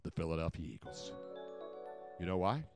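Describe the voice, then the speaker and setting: A man hosting a sports talk show, talking in a loud, theatrical way and bantering with his co-host. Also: low voice, lively intonation, moderate pace, faint music behind.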